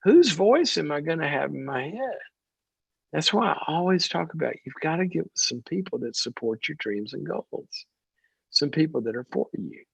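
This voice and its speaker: Husky and touched with vocal fry, his voice sits a little high and moves at normal speed. He's a middle-aged psychologist hosting a call-in advice show, animatedly telling stories and voicing the people in them. Captured on a dull, dry close mic, there's no room sound.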